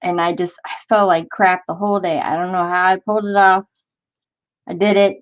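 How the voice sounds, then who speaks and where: With a lowish voice and flat delivery, a woman in her forties talks a little fast as she hosts a crafting livestream, reading comments and naming viewers in casual, rambling chat. The audio is dull.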